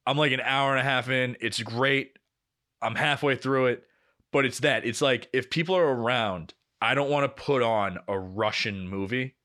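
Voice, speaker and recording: A man's voice: mid-range voice, normal speed, bright, forceful tone. A young man co-hosting a podcast, telling a long story in casual chat and swearing often. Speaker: podcast co-host.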